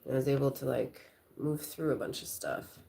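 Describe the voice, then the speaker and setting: Middle-aged woman, low creaky voice, loose rambling livestream chat host. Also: moderate pace, warm tone. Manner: rambling, chatty, storytelling with quoted voices.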